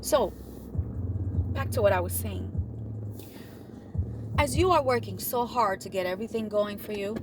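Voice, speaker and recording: A woman giving motivational advice in an animated way, often acting out what other people say. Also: a little slow, pauses often, music in the background. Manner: animated, acts out quoted dialogue with big pitch swings. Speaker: motivational vlogger.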